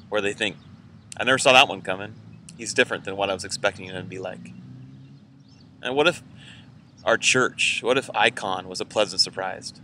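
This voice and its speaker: Low-voiced guy pastor talking through a sermon real casual, lots of fillers, bright edgy tone. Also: slight background noise. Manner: casual and conversational, many "like"s and fillers. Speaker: church pastor. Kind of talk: informal weekend sermon message.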